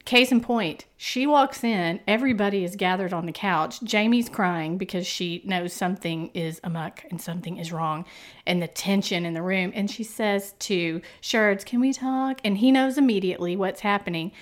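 Animated woman chatting with her co-host. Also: medium pitch, normal speed. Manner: animated, acts out quotes with emphasis. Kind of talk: casual chat recapping a dating show.

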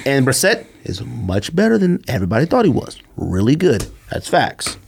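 A man co-hosting a podcast in casual chat, joking and arguing in animated banter. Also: medium pitch, moderate pace, vocal fry, husky. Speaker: podcast co-host.

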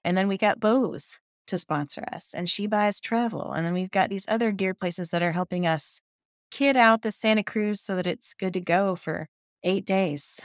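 A woman's voice: mid-range voice, moderate pace, no room sound, studio quality. A woman in her fifties, a journalist guest telling her story in a casual podcast chat, enthusiastic and laughing often. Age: 50s.

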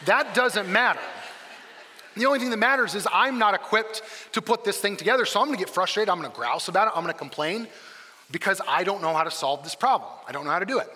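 A man preaching a sermon as a campus pastor, telling the story in a lively way and acting out the quoted lines. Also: high-pitched, fast, slightly rough, long reverb tail.

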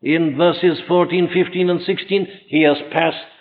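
Emphatic preacher in an echoing hall. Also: male voice, fairly high pitch, fairly even intonation, measured pace. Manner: emphatic, asks and answers his own rhetorical questions. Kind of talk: sermon. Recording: dull lo-fi sound in a reverberant hall.

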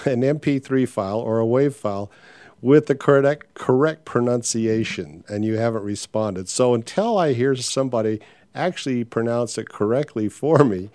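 An older man hosting a podcast delivers a casual monologue, speaking frankly and ramblingly with lots of filler sounds. His mid-range voice has a darkish tone and a normal speed, with no echo.

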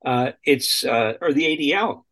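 Husky indignant talk radio host. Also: male voice, medium pitch, lively intonation, normal speed, a bit bright. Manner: indignant, repeats and restarts while speaking. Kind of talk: radio talk show commentary.

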